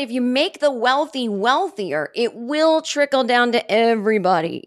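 A woman in her forties hosting a comedy podcast, talking in a rambling, sarcastic monologue full of restarts, jumping up in pitch for mock quotes. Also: a bit bright. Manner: rambling, sarcastic, self-interrupting, with many restarts. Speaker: podcast host.

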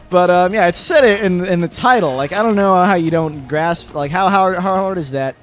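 A young man with a fairly high voice talks through a game he keeps failing, grumbling, cursing and now and then yelling. His voice has gone a little phlegmy. Faint music runs underneath. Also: normal speed. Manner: frustrated, swearing, bursts of yelling and laughing. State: slightly phlegmy voice. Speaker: gaming video host. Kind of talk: casual let's-play commentary.

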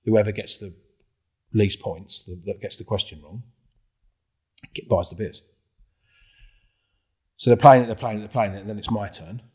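A middle-aged man, a podcast guest telling a story in a casual, animated way, swearing freely and acting out the dialogue. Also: on the low side, normal speed, pauses often, husky.

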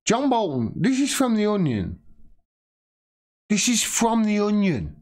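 An outraged man rants to his livestream audience, cursing freely and pressing every point with heat. His voice sits a little high and swings across a very wide range, dropping low in disgust, then shooting up in exasperation. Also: wildly swooping pitch, unhurried, darkish tone. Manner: angry, profane, heated and emphatic. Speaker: political video commentator. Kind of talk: livestream rant.

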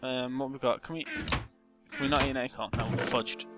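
Chatty young gamer. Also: male voice, mid-range voice, normal speed. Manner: chatty, self-mocking, hums and mutters while playing. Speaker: gaming YouTuber. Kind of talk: casual gameplay commentary. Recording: music playing behind.

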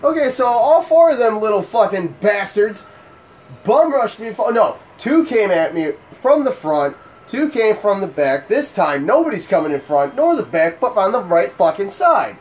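A man giving casual let's play commentary on a horror game, cursing and yelling out in bursts of excitement. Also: high-pitched, moderate pace. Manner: profane, excitable outbursts. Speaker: gameplay commentator.

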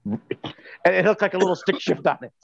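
A man's voice: high voice, moderate pace, gravelly, husky, dry recording. Casual male co-host, rambly storyteller, muffled dry sound. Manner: rambling, restarts and loose anecdotes. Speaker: co-host on a live stream. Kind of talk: casual chat.

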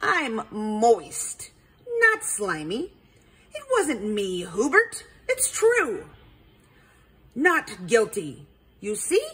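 A woman's voice: on the high side, wildly swooping pitch, very slow, long pauses, a bit bright, breathy edge, exaggerated voice. A woman voicing a defensive male frog in a storybook read-aloud, protesting in a whiny voice.

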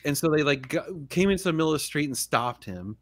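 A man's voice: on the high side, animated, quick pace. A man hosting a casual livestream chat, talking in a laid-back, rambling way and laughing often. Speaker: podcast host.

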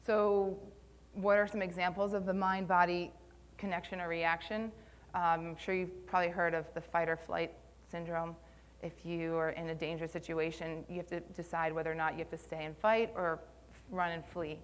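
A young woman gives a live conference talk on posture and Pilates in a conference room, her lowish voice holding a fairly flat pitch at a moderate pace. She sounds conversational and a bit nervous, filling her speech with lots of ums.

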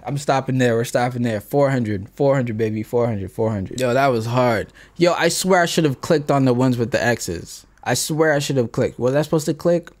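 A young American man vlogging in a casual, animated way, laughing and swearing freely. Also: mid-range voice, normal speed, hardly any pauses. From United States. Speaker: YouTuber. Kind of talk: casual vlog talk.

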